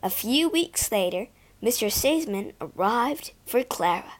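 A woman reading a storybook aloud to learners, clear and expressive. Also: fairly high pitch, measured pace. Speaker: storybook reader. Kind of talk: slow read-aloud story narration for learners.

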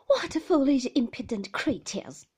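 A woman's voice: sits high, sing-song, measured pace, darkish tone, voice pushed up. A woman whispering as a shy young mother. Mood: coy, playful. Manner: playful, bashful protesting. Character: young gentle laughing mother, girlish and shy.

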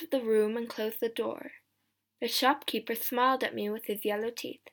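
A woman narrating a graded-reader novel, reading slowly and clearly. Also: on the high side, steady tone. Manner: slow, clear, carefully paced reading. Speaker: audiobook narrator.

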